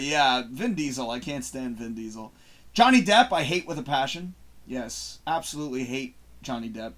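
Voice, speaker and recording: Guy hosting a live show, chatty and swears a lot, kinda high voice, laughs a bunch. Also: a bit bright. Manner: loose and profane, laughs often, rambling asides. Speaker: live show host reading viewer questions. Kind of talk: casual live-stream chat.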